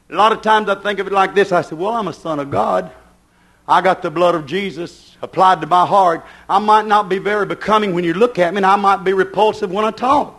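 A middle-aged man preaching a fervent sermon, swinging from quick asides to slow, shouted declarations. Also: very high voice.

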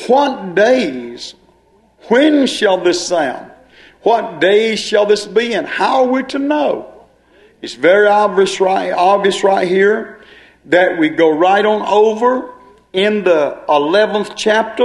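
A male preacher delivering a sermon, dwelling on and repeating key phrases as he explains scripture. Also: high voice.

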